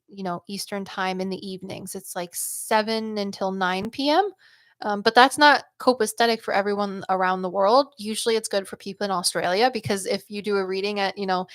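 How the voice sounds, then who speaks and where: A woman's voice: mid-range voice, fairly bright tone, no room sound. A woman hosting a casual livestream as a psychic medium, chatting loosely with lots of "like" and "um" and reading out viewer comments. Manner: chatty and loose, heavy use of "like" and "um", quick laughs.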